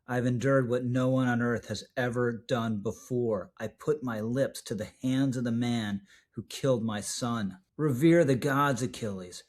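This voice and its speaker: A man reading aloud the plea of a grieving old king begging for his son's body, in a solemn, hushed recitation. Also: medium pitch, natural voice.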